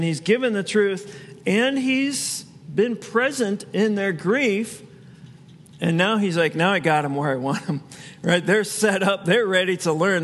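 A man's voice: high-pitched, fairly bright tone, long reverb tail. A man preaching a sermon as pastor, in a conversational way with asides he laughs at himself.

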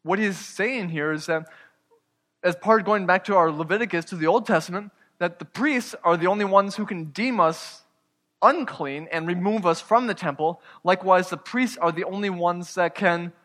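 A man preaching a sermon as pastor, earnest, moving between loud emphasis and quiet, hushed asides. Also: high-pitched, moderate pace, big-room sound.

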